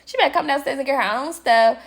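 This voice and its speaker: A woman's voice: high voice, fast talker. A young adult woman vlogging a casual storytime, chatty and dramatic, acting out her own exclaimed reactions and talking straight to her viewers. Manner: animated, dramatic retelling with exclaimed quotes; chatty, addresses viewers as y'all. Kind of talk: casual storytime while working.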